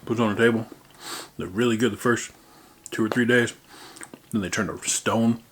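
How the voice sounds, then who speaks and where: A man's voice: lowish voice, steady tone, moderate pace, a bit bright, a little hiss or hum. A man casually chatting through a snack taste-test vlog, playful and muttering while he chews. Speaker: vlogger. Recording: crinkling snack bags close by.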